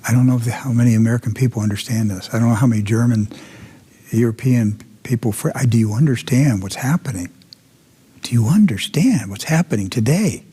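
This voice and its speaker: A man's voice: mid-range voice, fairly quick, mellow, slightly rough. A man hosting a commentary show, telling a dramatic story with emphatic repetition and sudden drops into intense whispers.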